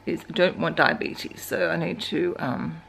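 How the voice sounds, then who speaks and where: Australian woman in her forties, gravelly, chatty. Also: low voice, unhurried, fairly bright tone, slight background noise. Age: 40s. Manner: rambling, chatty, laughs often while talking to her dogs. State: out of breath from exercising. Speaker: vlogger. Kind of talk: casual vlog chat. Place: at home.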